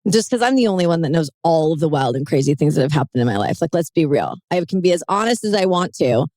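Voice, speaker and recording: Candid woman podcast host, low voice. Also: big pitch swings, fast talker, warm tone, no room sound. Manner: candid, emotional and open. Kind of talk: conversational interview.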